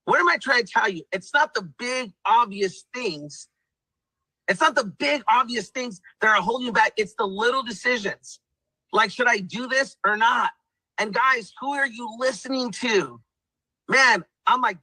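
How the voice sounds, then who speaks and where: A man's voice: very high-pitched, animated, moderate pace, sharp tone, no room sound, poor audio. A man giving an emphatic motivational pep talk, repeating himself and calling the viewers guys. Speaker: testimonial speaker.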